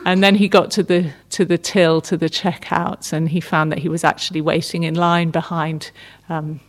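A middle-aged woman gives a meditation talk in a gentle, unhurried way. Her voice sits a little low for a woman, and she often pauses and restarts mid-phrase. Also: level tone. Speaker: meditation teacher. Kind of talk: dharma talk.

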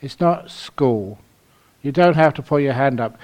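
A man's voice: mid-range voice, unhurried, a little mellow. A Buddhist monk from London giving a humorous dharma talk at a meditation retreat, telling stories and laughing at his own jokes. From London, England.

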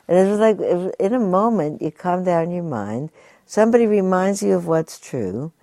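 A woman meditation teacher giving a dharma talk, telling a story gently and unhurriedly, with asides to her listeners. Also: fairly low pitch, expressive, moderate pace, vocal fry, no room sound.

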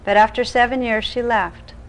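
Calm woman reading an old tale. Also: on the high side, moderate pace, low-quality recording. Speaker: meditation teacher. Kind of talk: storytelling reading in a dharma talk.

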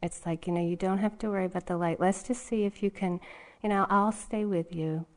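Woman meditation teacher, casual storyteller, quick to laugh, informal talk to a retreat audience. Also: medium pitch, fairly even intonation, darkish tone. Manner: conversational storytelling with frequent laughter. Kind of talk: dharma talk. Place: retreat hall.

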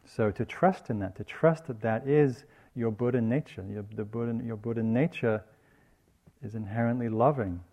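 A man giving a dharma talk as a meditation teacher, in a gentle and reflective teaching tone. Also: medium pitch, moderate pace. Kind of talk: dharma talk on loving-kindness.

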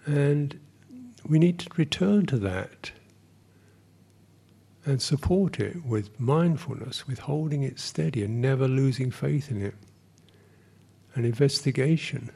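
A man giving a meditation retreat dharma talk as a Buddhist teacher, speaking in slow, halting phrases with many pauses and sometimes dropping to a soft whisper. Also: medium pitch, vocal fry, slightly rough.

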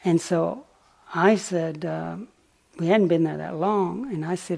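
A man giving a dharma talk as a meditation teacher, telling a story gently and unhurriedly, with pauses and small fillers. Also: on the high side, steady tone, gravelly. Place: retreat center meditation hall.

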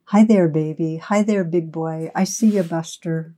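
Brief: jolly, shabby old fellow hollering to a baby, put on by a woman, a low mellow base voice lifted high. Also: fairly even intonation, unhurried. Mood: gleeful. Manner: calling out loudly and gleefully. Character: cheerful ragged old man, delighted with a baby.

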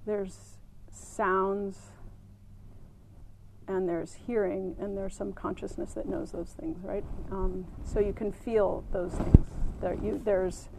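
A woman meditation teacher giving a gentle, unhurried dharma talk at a retreat center, with many ums and light laughter at her own stories. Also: medium pitch, level tone, slight background noise, rough recording.

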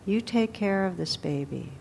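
A woman putting on a ragged old drifter, an elderly man who calls across a roadside diner in a raised, high voice. He is loud and friendly, with a rough, worn-down edge. He sits inside a story read aloud in the evening. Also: animated, moderate pace, slight background noise. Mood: firm. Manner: calling out across a room.

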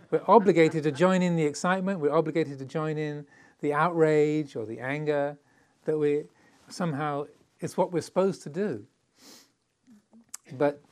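Laughing often, a middle-aged Englishman gives a relaxed, playful Dharma talk as a meditation teacher, voicing the quotes as little characters. His voice is fairly high and a little mellow.

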